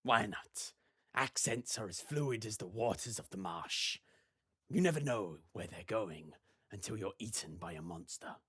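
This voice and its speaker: A man voicing a cryptic old male marsh shaman who speaks slowly and solemnly. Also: fairly low pitch, lively intonation, a bit bright, breathy edge, heavily acted. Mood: musing. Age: older.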